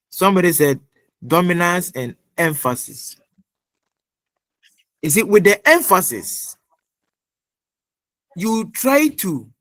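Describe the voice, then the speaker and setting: High-voiced male lecturer. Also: a bit bright, dry recording. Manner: repetitive, quizzing, fills pauses with uh. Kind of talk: online class lecture.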